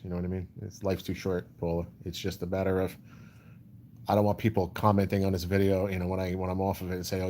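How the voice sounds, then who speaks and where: This livestream host has a low, warm voice and answers his chat's comments casually and ramblingly, leaning heavily on "you know." There's slight background noise.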